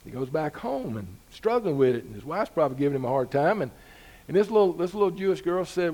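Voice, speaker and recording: A man's voice: a little high, big pitch swings, a little fast, mellow. A man preaching a sermon as pastor, talking to the congregation in an easygoing way with rhetorical questions and rising emphasis.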